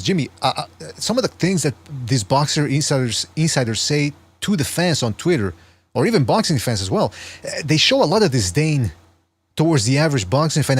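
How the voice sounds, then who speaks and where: A man's voice: fairly high pitch, husky. A man hosting a casual sports podcast, explaining his points earnestly and often restarting his words mid-sentence. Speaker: podcast host.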